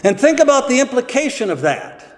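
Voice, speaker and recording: High-voiced pastor giving a sermon, slow and deliberate, big echoey church. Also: male voice, sing-song. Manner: slow and deliberate, with strong emphasis on key words.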